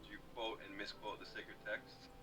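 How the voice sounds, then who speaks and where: A man's voice: on the low side, flat delivery, moderate pace, loud music behind the voice. Man running a tabletop game. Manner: loose, stammering narration. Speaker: game master.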